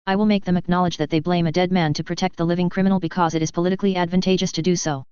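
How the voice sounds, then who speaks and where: A sneering, vengeful young nobleman from a storybook reading, mocking and bitter in his delivery, as a woman reads him. The voice sits low and very smooth, in a dry, dull lo-fi recording. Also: steady tone, very fast, a little mellow, no echo, close to an everyday voice.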